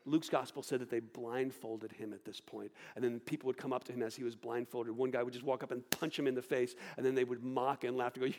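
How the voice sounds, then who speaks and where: A man preaching a sermon, swinging between loud outbursts and hushed, low delivery. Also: level tone, a little fast, hardly any pauses. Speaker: pastor. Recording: long hall reverb.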